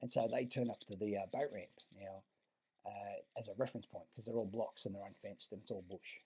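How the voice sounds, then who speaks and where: A lowish, husky male voice with an Australian accent wanders through a casual monologue, swearing freely and doubling back on his words. The recording is dull and lo-fi, with the top end rolled off. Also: fairly even intonation, fairly quick, warm tone. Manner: rambling and profane, many restarts.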